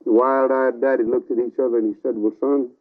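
A man preaching a revival sermon, telling a story dramatically with sudden swings between loud and soft, on a tinny radio broadcast recording. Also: medium pitch, little pitch movement, quick pace.

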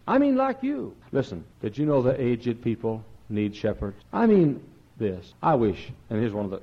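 Pastor, folksy sermon voice, big swings from loud and high to low and quiet, muffled dull audio. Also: male voice. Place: large church sanctuary.

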